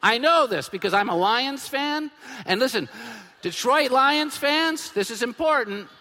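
A man in his fifties preaching a sermon as pastor, emphatic and animated, dropping to a hush and then bursting out loud. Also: extremely high pitch, a little slow. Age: 50s. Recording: long hall reverb.

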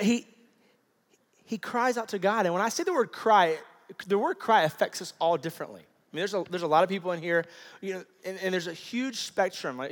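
A male pastor preaching a sermon in a conversational, storytelling way with many fillers. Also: a little high. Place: large church hall. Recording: reverberant church hall.

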